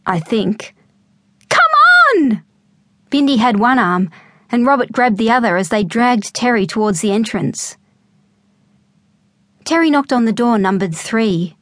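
A woman with an Australian accent reading a children's audiobook in a lively storytelling manner. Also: medium pitch, dry recording. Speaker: audiobook narrator. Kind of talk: scripted narration.

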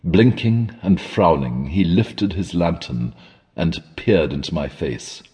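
A man narrating a classic horror story in a measured, dramatic storytelling manner. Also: deep voice, lively intonation, a little mellow, breathy edge, big-room sound. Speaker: audiobook narrator.

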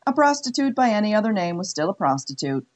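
A woman narrating an audiobook in a measured, wry way. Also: mid-range voice, very animated. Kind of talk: scripted narration.

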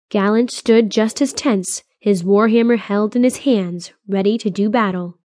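A woman narrates a fantasy adventure in a steady, even storytelling voice, pitched at a middle level. The recording is close and dry, with no room sound. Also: dry recording. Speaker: audiobook narrator. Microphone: close studio mic.

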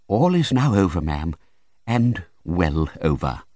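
A timid, polite doctor stammers out his news in a soft, deferential way, as a man puts him on. His voice sits low, and the storybook recording is dry and close. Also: sing-song, slow pace, no room sound, exaggerated voice. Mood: meek hesitant. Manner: meek, hesitant, polite. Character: meek, polite male country doctor.

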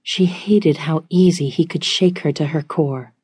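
Low-voiced woman narrating romance. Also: unhurried, darkish tone, slightly rough, dry recording. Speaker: audiobook narrator.

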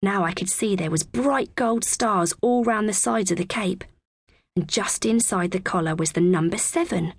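Woman reading a children's story. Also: medium pitch. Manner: clear, expressive, measured reading. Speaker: audiobook narrator.

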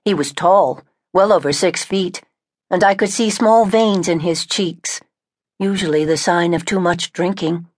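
A woman narrating an audiobook in a slightly low voice, steady and measured. The sound is close and dry, with no room around it. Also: no room sound. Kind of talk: scripted first-person narration. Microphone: close studio mic.

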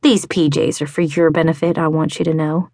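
Woman reading sick young man, quiet murmuring voice, low pitch, dry close sound, audiobook romance. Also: level tone, brisk, no room sound. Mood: drowsy. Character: lanky young man, gravely ill, gently teasing.

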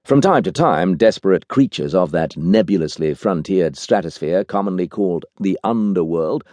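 A male audiobook narrator with a very low, mellow voice reads in an expressive, wry manner. His pitch rises and falls freely. The sound is close and dry, with no room in it. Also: normal speed, no room sound.

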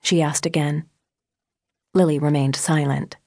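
A woman narrating an audiobook in a measured, intimate way, recorded on a close studio microphone. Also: low voice, steady tone, a little mellow, no echo.

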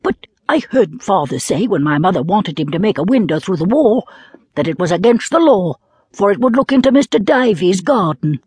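A woman's voice: mid-range voice, very animated, moderate pace, a little mellow, breathy edge, dry recording, voice pushed up. A woman playing an earnest little boy. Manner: earnest, arguing innocently. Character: small, earnest, literal-minded little boy. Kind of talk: storybook reading.

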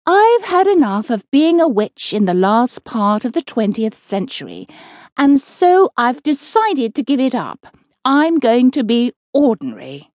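A woman's voice: on the high side, big pitch swings, a little slow, dry recording, dull audio, pitched above the performer's own voice. Lady voicing a cheerful kindly witch, lilting and patient, close dry sound. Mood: resolute. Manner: gentle, patient and reasonable.

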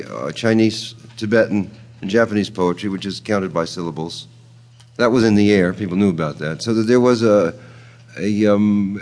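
A man gives an informal spoken lecture on poetics, thoughtful and digressive, with frequent "uh" fillers, ta-ta syllables to tap out rhythms, and chuckles at his own remarks. His voice is lowish and a little mellow.

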